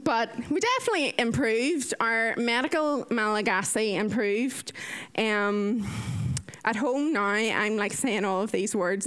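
Irish woman in her thirties, high bright voice, lively anecdotes full of laughs, nurse swapping stories. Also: unhurried, clear, resonant tone. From Ireland. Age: 30s. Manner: lively, laughs often, acts out others' voices. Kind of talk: anecdotal storytelling.

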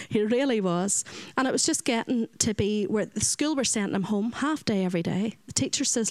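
A woman's voice: fairly high pitch, normal speed, hardly any pauses, dry recording, low-quality recording. Northern Irish woman telling a heartfelt story. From Northern Ireland. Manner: earnest storyteller, acts out quoted voices. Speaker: children's home director. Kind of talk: personal faith testimony talk.

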